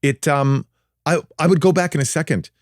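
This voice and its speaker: A man's voice: on the high side, moderate pace, dry recording, clean studio sound. A man in his fifties, a podcast guest, chatting casually and rambling with lots of fillers and restarts. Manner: rambling, self-deprecating, many fillers and restarts. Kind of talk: casual interview chat.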